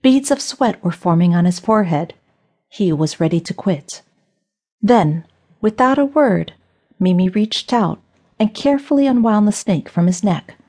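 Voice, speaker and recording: A woman narrating an audiobook for children in a steady, storytelling way. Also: mid-range voice, measured pace. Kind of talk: scripted narration.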